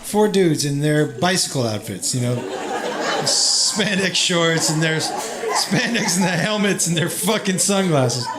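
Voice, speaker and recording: A man tells a crude, exasperated stand-up story in a high, swooping voice. He rants and acts out quotes on a comedy club stage. The room echoes, and loud crowd laughter rolls in behind him. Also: measured pace. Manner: animated storytelling with acted quotes. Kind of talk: stand-up routine. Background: loud audience laughter.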